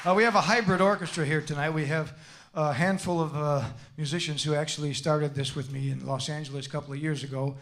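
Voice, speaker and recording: An older man from the Chicago area, a singer talking to a concert audience between songs, halting and rambling with many fillers. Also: on the high side, fairly even intonation, a bit bright. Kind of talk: live stage banter between songs. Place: concert venue with a live audience. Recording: live concert with crowd noise.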